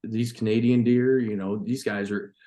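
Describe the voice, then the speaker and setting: A man from New York, a farmer and hunter, telling a story as a podcast guest, excited and profane. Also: on the low side, moderate pace. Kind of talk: casual storytelling.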